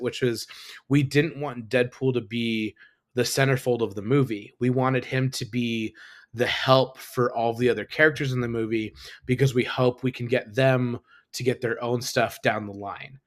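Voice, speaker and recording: A man's voice: mid-range voice, moderate pace. A man co-hosting a podcast, chatting casually about movies and laughing as he retells jokes. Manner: animated, laughs at own quotes. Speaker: podcast co-host. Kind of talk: casual chat.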